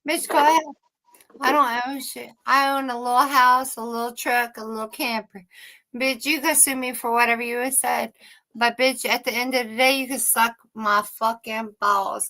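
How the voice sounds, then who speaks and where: A woman's voice: on the high side, fairly even intonation, moderate pace, sharp tone. A woman co-hosting a casual livestream chat, ranting heatedly and swearing constantly.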